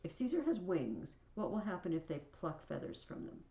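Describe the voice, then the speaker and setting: A woman's voice: lowish voice, very animated, moderate pace, vocal fry, dark tone, reverberant, lo-fi sound. A woman teacher casually explaining a play to a class, with chatty asides, reading scenes aloud.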